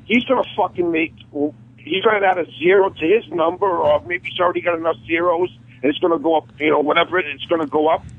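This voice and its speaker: A man's voice: on the high side, steady tone, fast, a little hiss or hum. Profane male caller on a tinny phone line. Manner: heated, profane, confrontational. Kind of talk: angry call-in rant.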